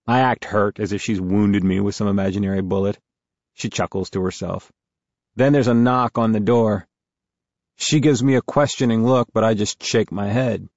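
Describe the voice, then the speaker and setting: A man narrating a first-person novel as an audiobook in a steady, measured way. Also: lowish voice, no echo, highs cut off.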